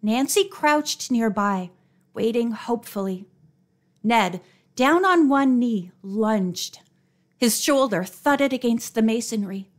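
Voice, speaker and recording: Woman narrating a mystery audiobook. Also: slow. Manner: expressive, raises her pitch for dialogue. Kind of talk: scripted narration.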